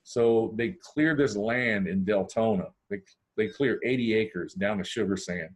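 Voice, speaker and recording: Lively storytelling man from Ohio, lowish voice. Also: a little slow, breathy edge. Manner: animated, acts out dialogue with big pitch swings. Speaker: podcast guest. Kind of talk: casual storytelling.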